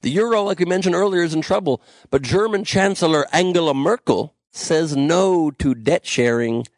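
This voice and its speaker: A young man hosts a podcast, reading the headlines and then ranting about them with sarcasm and plenty of swearing. His voice sits a little high for a man and has a gravelly fry. The sound is dry and close, from a small room where he talks alone. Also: normal speed, dry recording. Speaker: podcast host. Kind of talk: comedic news commentary.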